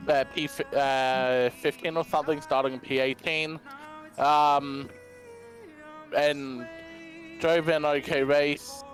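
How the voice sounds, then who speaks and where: A man giving a short, hesitant account of his race in an interview. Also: medium pitch. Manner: slow, hesitant, short answers. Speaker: sim racing driver. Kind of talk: casual post-race interview.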